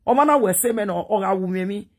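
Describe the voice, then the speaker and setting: A woman's voice: mid-range voice, fast talker, slightly rough. A Nigerian woman from Edo State giving a rambling, pleading live-stream monologue, talking straight to her viewers.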